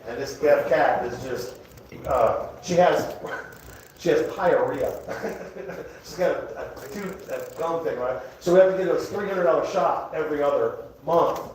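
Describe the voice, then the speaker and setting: A Southern man performs a rambling stand-up set and keeps chuckling at his own jokes. His voice sits fairly high for a man. The sound is very echoey and a bit distant, with a live crowd audible in the club. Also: measured pace, darkish tone, a little hiss or hum. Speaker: stand-up comedian. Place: comedy club, indoors.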